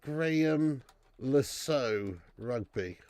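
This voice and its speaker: A man's voice: mid-range voice, very slow, no room sound. A man hosting a live football watch-along, bantering with chat and swearing freely. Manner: animated banter with swearing, reads and answers chat.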